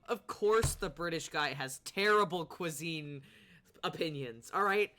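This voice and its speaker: Loud, profane game streamer. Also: medium pitch, unhurried. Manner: loud, profane and joking, laughs often. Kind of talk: casual let's-play commentary.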